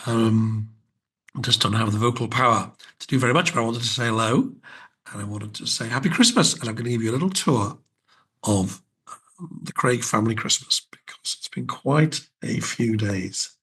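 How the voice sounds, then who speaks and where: A middle-aged man with a hoarse, croaky voice talks casually as he gives a walking tour of his home. His voice sounds husky and worn, with a relaxed, chatty delivery. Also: mid-range voice, moderate pace. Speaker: podcast host. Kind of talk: casual chat. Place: his house, indoors.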